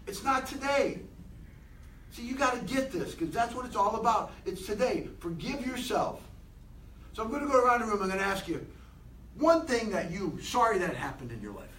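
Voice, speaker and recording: A man giving an animated motivational talk to a room of people, asking them many questions. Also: high-pitched, echoey room, distant mic, slight background noise, rough recording. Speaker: motivational speaker.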